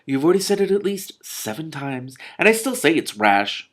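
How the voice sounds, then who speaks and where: A man's voice: fairly high pitch, sing-song, moderate pace, pitched above the performer's own voice. A man doing a grumpy, stubborn old king. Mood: peevish. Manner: peevish, testy complaining.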